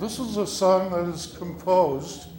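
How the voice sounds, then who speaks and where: A man teaching a lesson, explaining patiently step by step and slowly sounding out words and vowels. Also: high voice, background noise. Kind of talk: spoken lesson.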